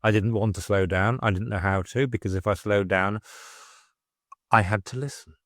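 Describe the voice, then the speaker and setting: Blunt, low-voiced man telling his story. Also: fairly even intonation, normal speed, a bit bright, no room sound, studio quality. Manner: frank and exasperated, swears freely. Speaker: podcast guest. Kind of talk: candid conversational storytelling.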